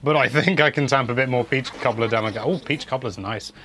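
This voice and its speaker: A man's voice: medium pitch, a little fast, a bit bright, slight background noise. A man giving casual, wry commentary over gameplay, chatting and humming as he plays. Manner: wry, chatty, hums while playing. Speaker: game video presenter.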